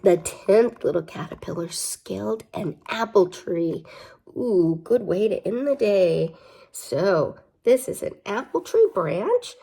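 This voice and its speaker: A woman's voice: mid-range voice, sing-song, slow, vocal fry, mellow, slightly rough. Young woman reading a picture book aloud. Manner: chatty, asides and playful questions to kids. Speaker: storybook reader.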